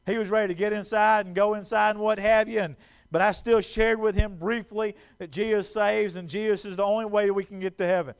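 A man preaching a sermon in a church, animated and stumbling over repeated words as he acts out quotes. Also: sits high, brisk, smooth. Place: church sanctuary.

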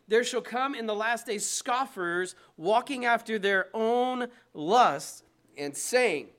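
A man with a high, fairly bright voice preaches a sermon from the pulpit of a church. The pastor is emphatic and conversational, tossing asides to the congregation.

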